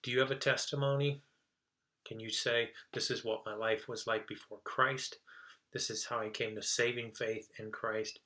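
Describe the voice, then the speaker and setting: Bright-voiced male pastor preaching casually. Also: medium pitch, flat delivery, moderate pace, slight background noise, rough recording. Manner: conversational, with frequent restarts and repeated words. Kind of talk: sermon.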